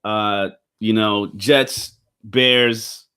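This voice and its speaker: A man's voice: on the low side, steady tone, very slow, pushed and bright, clean tone. A young man giving a casual, rambling football recap, slangy and profane, full of fillers, burping now and then. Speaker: football commentator.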